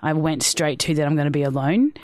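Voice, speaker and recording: A woman's voice: low-pitched, fairly quick, a little mellow, dry recording, clean studio sound. A woman co-hosting a podcast, telling personal stories in a casual, emphatic way. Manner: emphatic, storytelling, frequent fillers. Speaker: podcast co-host. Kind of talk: casual chat.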